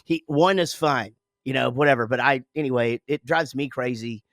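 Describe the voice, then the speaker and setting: A man in his forties tells a long story on his podcast, swearing casually and doubling back on himself. His pitch sits in the middle for a man. The recording is close and dry, with no room sound. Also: moderate pace, creaky, no room sound. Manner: rambling, profane, animated storytelling with self-interruptions. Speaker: podcast co-host, father.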